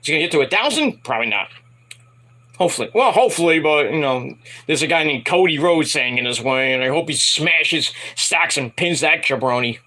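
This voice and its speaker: A man casually reviewing a wrestling event in a rambling, animated retelling with asides. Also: a little high, brisk.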